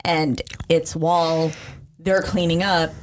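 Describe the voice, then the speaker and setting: A woman's voice: sits low, flat delivery, slow pace, a little hiss or hum. A woman casually retelling a horror movie plot with a co-host, chatty and acting out characters' lines. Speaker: podcast co-host. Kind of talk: casual movie recap chat.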